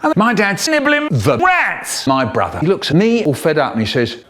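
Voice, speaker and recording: A man telling comic stories in a spliced cut-up edit. His voice sits fairly high and swoops a lot as he talks. He performs theatrically, with sudden jumps in his delivery. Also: moderate pace. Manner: theatrical, expressive storyteller with sudden vocal jumps. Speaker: storyteller in a spliced comedy edit.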